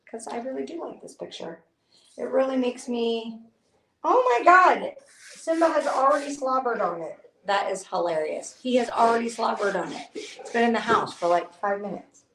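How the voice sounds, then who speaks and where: A woman's voice: medium pitch, fairly bright tone, distant mic, slight background noise. Chatty woman in an echoey room. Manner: rambling, chatty, many fillers and asides. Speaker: nail artist livestream host. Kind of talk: casual livestream chat. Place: home studio with dogs around.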